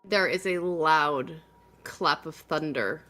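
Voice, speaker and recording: A woman narrating a tabletop horror game as game master, slow and atmospheric, breaking into laughs. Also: sits low, bright, forceful tone, faint music behind.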